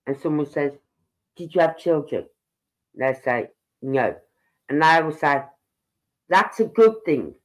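A woman's voice: deep voice, reverberant, low-quality recording. A woman in her fifties giving opinionated, indignant commentary on a live stream, talking straight to her viewers. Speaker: true-crime live streamer.

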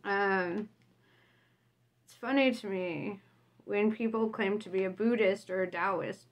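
A woman vlogger reading her own reflection aloud casually, blunt, often laughing and tagging lines with "right?". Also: mid-range voice.

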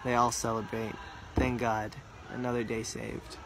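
A male storyteller narrates a religious tale earnestly, at a middle pitch. He repeats words for emphasis and slows down on details. A faint hum of background noise sits under his voice. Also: completely flat delivery, creaky.

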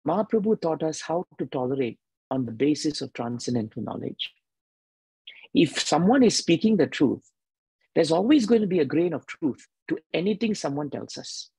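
Husky male preacher, emphatic, repeats key points, dry close sound. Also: on the high side, big pitch swings, normal speed, darkish tone, no echo, low-quality recording. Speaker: devotional speaker. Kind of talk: sermon.

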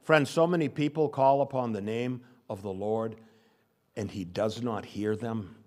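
A man's voice: mid-range voice, darkish tone. An older male pastor giving a sermon, stressing and repeating key phrases. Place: church sanctuary.

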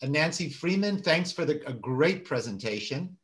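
Halting male host reading out comments. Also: fairly high pitch, expressive. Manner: halting, many "uh" fillers, apologetic. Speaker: meeting host.

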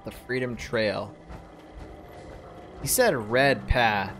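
A man's voice: medium pitch, extremely slow, a bit bright, faint music behind. A man giving casual, musing commentary while playing a game, with a laid-back manner. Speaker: gamer.

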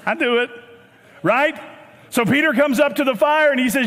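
A male pastor with a Southern US accent delivers a lively sermon, moving from jokes to raised, shouted lines. His voice sits very high for a man. The sound carries a long reverb from a large church auditorium. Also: fairly quick. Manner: preachy and animated, rising to shouts, with joking asides.

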